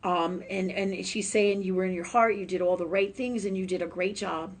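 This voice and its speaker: A woman hosting a live psychic reading, chatty and emotional, laughing often and filling pauses with "um". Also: mid-range voice, fairly even intonation. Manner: warm, chatty, laughs often, many fillers. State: tearful at times. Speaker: psychic medium host.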